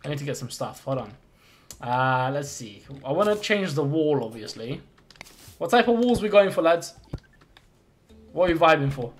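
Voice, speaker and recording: A man's voice: on the high side, very animated, moderate pace, pauses often, soft background music. A man live-streaming a game in casual chat, thinking aloud and greeting and thanking viewers as he plays.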